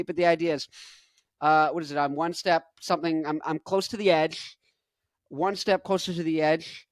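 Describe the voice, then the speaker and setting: A man in his twenties giving rambling, jokey reaction commentary, jumping into loud bursts. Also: on the high side, moderate pace, no echo. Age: 20s. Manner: rambling, jokey, goes off on tangents. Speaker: rock musician reacting to a video.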